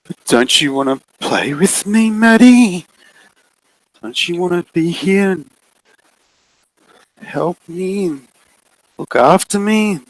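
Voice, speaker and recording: A man's voice: sits high, expressive, no echo, voice pushed up, poor audio. Man doing a creepy coaxing shadow voice. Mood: coaxing menace. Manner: slow, soft, wheedling, growing urgent. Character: coaxing menacing shadow being in darkness.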